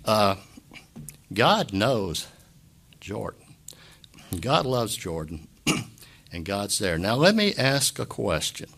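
A man pastor giving an impromptu sermon, earnest and emotional, halting often to clear his throat. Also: on the low side, big pitch swings, fairly bright tone.

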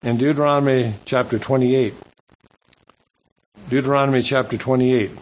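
In a sermon, a man with an even, middle-pitched voice reads scripture slowly and adds comments between verses. He speaks haltingly, often restarting and repeating words. The audio quality is poor.

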